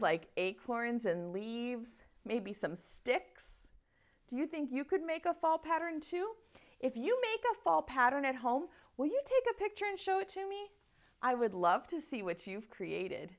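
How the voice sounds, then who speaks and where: A woman teaching online preschool circle time, chanting patterns in a slow sing-song teacher voice. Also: fairly high pitch, a bit bright.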